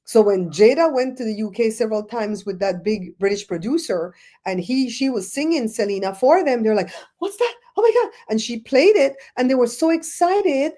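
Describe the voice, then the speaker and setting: A Belizean woman hosting a livestream, chatting in a rambling, animated way and answering viewers' comments. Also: on the high side, moderate pace. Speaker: show host. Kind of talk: casual livestream chat, reading comments.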